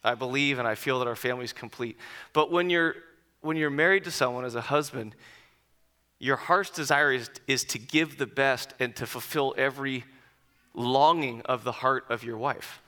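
Bright-voiced storytelling man. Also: mid-range voice, normal speed. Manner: animated, then quiet and reflective. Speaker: speaker addressing an audience. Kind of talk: personal storytelling talk.

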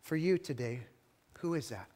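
A man's voice: a little high, expressive, moderate pace, mellow, long reverb tail. A male pastor preaching a sermon in a church, telling the story emphatically with dramatic rises and falls. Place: church hall.

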